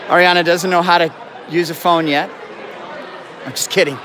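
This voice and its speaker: Hosting a live stream inside a crowded school gym, a man jokes with the students and keeps apologizing. He speaks at a moderate pace in a steady, slightly high voice, while loud crowd chatter and noise surround him.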